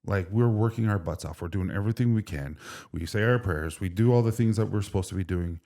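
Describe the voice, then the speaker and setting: Guesting on a podcast, a brand co-founder in his forties shares a frank, emotional story casually, often restarting his sentences. He speaks a little fast, with a warm voice on the low side.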